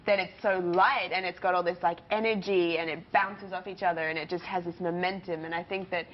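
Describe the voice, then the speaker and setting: A woman's voice: lowish voice, fairly even intonation, fairly quick. A woman, an actress guest on a TV show, explaining a film with thoughtful enthusiasm. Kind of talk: TV interview answers. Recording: dull lo-fi sound with faint noise.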